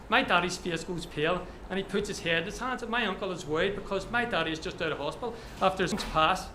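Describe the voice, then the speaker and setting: A man's voice: high-pitched, quick pace, pushed and bright, slight background noise. A man reading his own short story aloud at a live event, telling it vividly in the present tense. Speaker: author.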